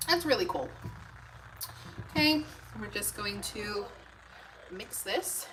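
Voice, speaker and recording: Animated yet slow, a medium-pitched woman hosts a live cooking stream from her home kitchen, casually chatting and reading comments aloud. The homemaking channel host is captured on a distant mic in a rough recording with loud kitchen noise behind her.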